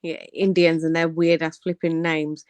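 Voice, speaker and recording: A woman's voice: low voice, moderate pace, dry recording. A young woman, hosting a casual live-stream chat, telling stories in slang with frequent laughter. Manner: laughs often, slangy and animated storytelling. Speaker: livestream host.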